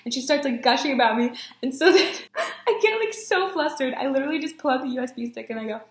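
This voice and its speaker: Young woman, book vlogger, bubbly and giggly, self-mocking, highish voice, roomy echo. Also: lively intonation, fast talker. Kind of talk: casual story time vlog.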